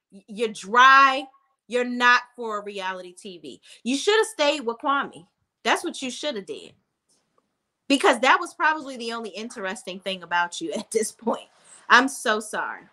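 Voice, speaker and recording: A woman's voice: fairly high pitch, sharp tone. A woman reviewing reality TV in a casual rant, blunt and profane, talking straight to her viewers.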